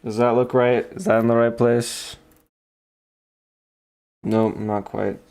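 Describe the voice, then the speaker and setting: A man's voice: medium pitch, little pitch movement, slow, a little mellow, smooth. A man drawing and chatting playfully, laughing often and slipping into silly posh voices. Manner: giggly, jumps into silly fancy voices. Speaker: artist drawing on stream. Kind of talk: playful commentary while drawing.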